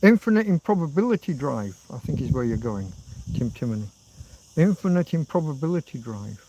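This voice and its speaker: A man's voice: mid-range voice, big pitch swings, a little fast, warm tone, muffled recording, a little hiss or hum. A middle-aged man hosting a rambling livestream, reading out viewer comments and answering them as he goes. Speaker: livestream host. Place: outdoors in a rural spot.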